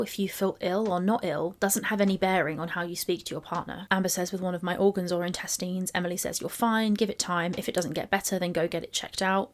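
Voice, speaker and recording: Woman reading texts aloud. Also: lowish voice. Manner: reads screenshots aloud and picks them apart. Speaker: commentary YouTuber. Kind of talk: commentary on text messages.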